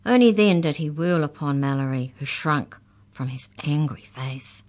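A woman reading a children's story aloud as storyteller, in an expressive, clear manner. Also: deep voice, moderate pace.

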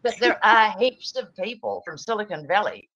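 A woman's voice: medium pitch, animated, normal speed, fairly bright tone, lo-fi sound, a little hiss or hum. A middle-aged woman, chatting in a rambling, digressive way with frequent laughs. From New Zealand. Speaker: guest, former radio presenter. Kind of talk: casual chat.

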